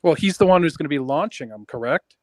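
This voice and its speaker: A man's voice: fairly high pitch, lively intonation, fast, no room sound, clean studio sound. A man in casual livestream chat, questioning and reasoning things through.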